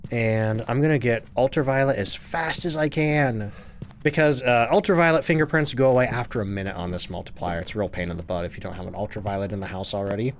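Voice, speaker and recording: A man's voice: mid-range voice, fast talker, a little hiss or hum. A man casually chatting on a live game stream, reading out chat questions and answering them while he plays.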